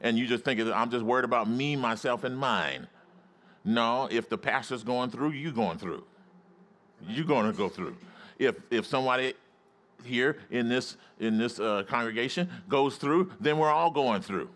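A man preaching a sermon as pastor in a church, calling out to the congregation and rising into excited shouts. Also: mid-range voice, normal speed. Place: church sanctuary.

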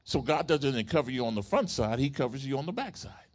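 A man preaching a sermon, telling a story in an animated way and asking his congregation questions. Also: medium pitch, fairly quick. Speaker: pastor.

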